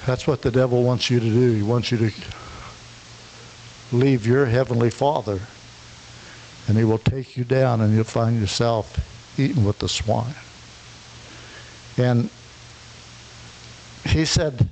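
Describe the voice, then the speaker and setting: A man's voice: medium pitch, steady tone, slow, pauses often, a little mellow, poor audio. A man preaching a sermon, retelling a parable and acting out its characters, with frequent stammered restarts. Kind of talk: sermon storytelling. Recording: faint hiss.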